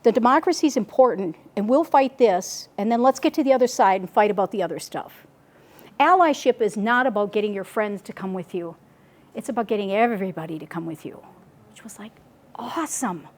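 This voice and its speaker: A woman giving a casual, chatty report at a group meeting, animated and full of asides and restarts. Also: mid-range voice, brisk. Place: meeting room.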